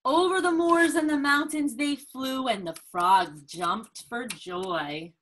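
A woman reads a picture book aloud to a young child, in a high, bright voice. She reads very slowly and with lots of expression, gasping and asking questions to draw the child in. It sounds like a patient storybook session. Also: a little hiss or hum. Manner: slow, expressive, with gasps and prompting questions.

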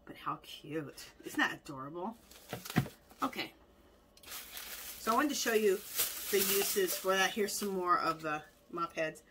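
A woman's voice: medium pitch, animated, unhurried, long pauses, noisy background. A woman hosting a casual haul video at home, chatty and enthusiastic, gushing over cute craft finds.

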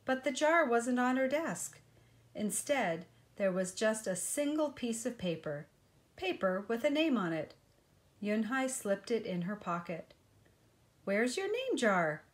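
A woman reading a children's picture book aloud in a gentle, unhurried way. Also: mid-range voice. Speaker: storyteller.

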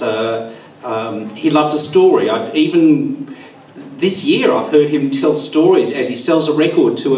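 A man giving a rambling, halting memorial speech, teary, with a quaver in his voice. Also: medium pitch, a little hiss or hum. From Australia. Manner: rambling, halting, with many fillers. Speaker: eulogy speaker. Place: bowls club hall. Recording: echoey room, far from mic.

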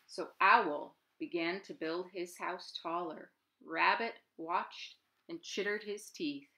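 A woman's lowish, slow voice carries a picture-book read-aloud for children, and there's a little hiss or hum in the recording. She's a children's librarian at home, storytelling expressively and using sound effects.

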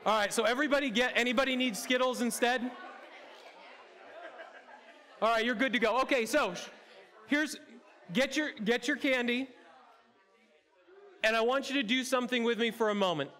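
A man's voice: very high voice, fairly quick, bright, forceful tone. A man preaching a sermon as campus pastor, playful and chatty, talking straight to the congregation in a church auditorium. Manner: playful, interactive, addresses congregation directly.

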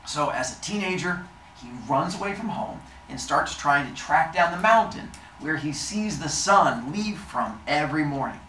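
A man telling a myth to children in a lively, playful way. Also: fairly high pitch, normal speed. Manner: animated, playful. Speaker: storyteller. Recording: echoey room, distant mic, faint noise.

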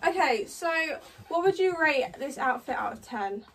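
A woman hosting a home vlog, chatting casually with lots of "like" fillers and quick giggles. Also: high-pitched, lively intonation, fairly bright tone. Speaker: vlogger host. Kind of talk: casual chat. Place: home bedroom. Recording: voice from a distance.

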